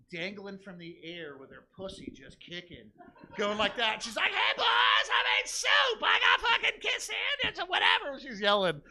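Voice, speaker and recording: A young comic on a comedy theater stage tells a crude family story in his stand-up set, cursing freely and doing voices for each person in it. His voice is a little high and a bit bright, and the recording is dry.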